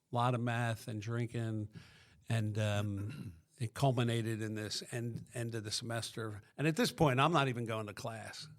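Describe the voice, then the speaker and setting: A man's voice: mid-range voice, vocal fry. A middle-aged man from Pennsylvania, a podcast guest, tells his recovery story in a rambling way, full of restarts.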